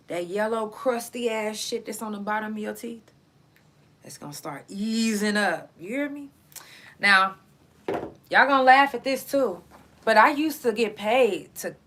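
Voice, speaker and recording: Profane laughing woman host, bright voice. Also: mid-range voice. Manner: profane, laughing, drawls certain words for emphasis. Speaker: live show host. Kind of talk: casual storytelling to a live audience.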